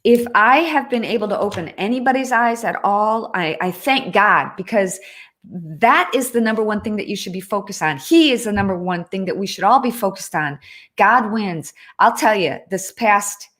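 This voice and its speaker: A woman's voice: medium pitch, expressive, normal speed, fairly bright tone. A woman hosting a casual livestream, chatting earnestly and reading out viewer comments, often breaking off and restarting. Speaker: livestream host.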